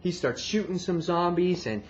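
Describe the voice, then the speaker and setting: An excitable man recaps a comic and reviews it, swearing and acting out his reactions. His voice sits a bit high, and the lo-fi recording sounds dull with a faint hiss behind it. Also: moderate pace. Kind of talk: casual retelling and review.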